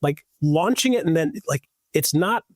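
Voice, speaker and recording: A man's voice: fairly high pitch, lively intonation, normal speed, no echo, clean studio sound. A man talking as a podcast guest in loose, rambling chat, full of restarts and "like".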